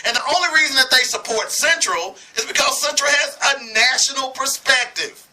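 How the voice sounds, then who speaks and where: A man's voice: very high-pitched, a little fast, pushed and bright, low-quality recording. A man from Arkansas giving impassioned sports commentary, heated and preachy, hammering points with repetition.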